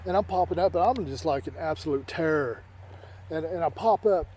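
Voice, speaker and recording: Rambling storyteller, soft dark voice. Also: male voice, a little high, fairly quick, slight background noise, low-quality recording. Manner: rambling, repeats words and restarts often. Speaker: author telling a childhood story. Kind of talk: casual personal storytelling.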